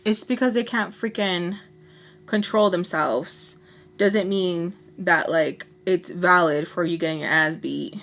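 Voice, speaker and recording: Young woman, storytime vlogger, lively and dramatic, acts out every quote. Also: lowish voice, unhurried. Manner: expressive storyteller, acts out quotes, switches loud and soft. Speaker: beauty vlogger telling a story. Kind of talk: storytime while doing makeup.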